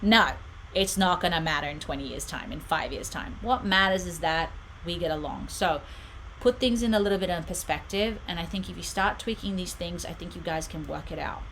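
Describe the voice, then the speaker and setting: A woman's voice: fairly low pitch, fairly quick, fairly bright tone, slight background noise, rough recording. A middle-aged woman hosting a live stream, giving reassuring relationship advice and reading viewer comments aloud. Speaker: spiritual channel host.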